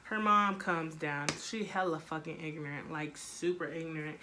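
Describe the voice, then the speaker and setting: A young woman with a bright, forceful voice tells a story to her camera in a casual, blunt way. She swears freely, talks in an animated way, and acts out the lines of the people in her story. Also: sits low, normal speed, a little hiss or hum. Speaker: vlogger.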